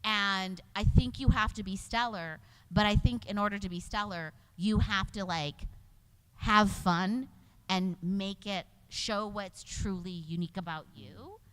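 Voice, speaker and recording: A woman's voice: mid-range voice, animated, a little slow, fairly bright tone, clean tone. A middle-aged woman, a voice actor and casting director, chatting casually on a convention panel with frequent laughs.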